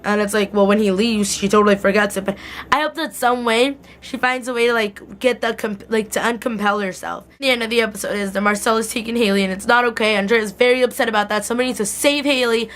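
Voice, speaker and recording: A woman's voice: on the high side, steady tone, fast, a bit bright. A young woman in a casual vlog recapping a TV episode, gushing and filling her talk with "like" and "totally". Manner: gushing, heavy use of "like" and "totally". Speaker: TV recap vlogger. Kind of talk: casual chat.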